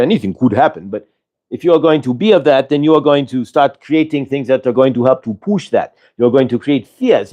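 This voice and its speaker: A man's voice: medium pitch, darkish tone. A man giving a live channeling talk, earnest and repetitive in a coaxing way. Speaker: spiritual channeler.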